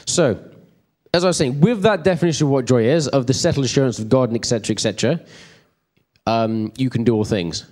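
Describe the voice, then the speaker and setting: A man's voice: medium pitch, fast, a little mellow. Chatty man teaching a church group. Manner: chatty, rambling, checks in with the room. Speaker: preacher.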